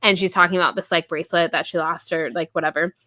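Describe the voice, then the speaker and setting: A woman in her thirties talks through a book chapter in a casual podcast chat. She is full of fillers and quick laughs. Her voice sits a bit low but bright and forceful, and it is recorded dry and close. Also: steady tone, no room sound. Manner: chatty, filler-heavy, laughs often, paraphrases scenes in quick voices. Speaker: podcast co-host.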